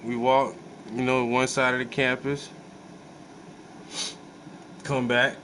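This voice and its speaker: Dude telling a wild story in aave, relaxed and cussing, bit of hum in the room. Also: male voice, medium pitch, slow, low-quality recording. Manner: animated, profane, laid-back storytelling with many fillers. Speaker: host. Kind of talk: casual storytelling.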